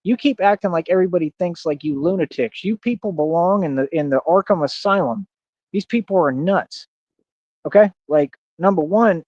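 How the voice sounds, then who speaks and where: A man rants on a livestream in a boastful, combative voice that sits a bit high. He keeps circling back to the same points. The sound is dry and close, with dull, lo-fi streaming audio. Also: darkish tone, no room sound. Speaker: live streamer. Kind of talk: ranting livestream monologue.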